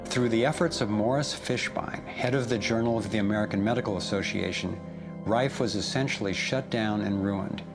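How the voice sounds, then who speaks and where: A man giving scripted documentary narration in an earnest, measured way. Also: on the low side. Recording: voice-over with loud music underneath.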